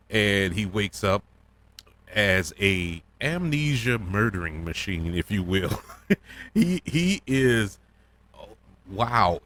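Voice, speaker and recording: A man hosting a casual solo review podcast, talking in an excitable, rambling way with plenty of fillers and restarts. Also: on the low side. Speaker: podcast host reviewing a TV episode.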